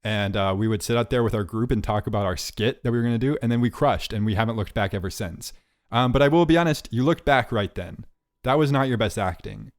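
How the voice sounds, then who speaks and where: A man's voice: on the low side, quick pace. Teasing man co-hosting a podcast. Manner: teasing, incredulous, laughs often. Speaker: podcast co-host and editor. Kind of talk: casual comedic podcast chat.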